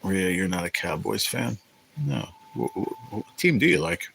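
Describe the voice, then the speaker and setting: A man's voice: deep voice, lively intonation, normal speed, creaky, a bit bright, a little hiss or hum, poor audio. A man hosting a casual livestream, rambling and swearing as he answers viewers in the chat. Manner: rambling, profane, chatty with viewers. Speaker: livestream host reading chat.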